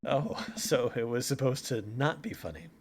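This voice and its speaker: A man chatting and joking through a game playthrough on stream, laughing often. His pitch swings lively and his voice sits mid-range, with a faint hiss of noise underneath. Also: moderate pace.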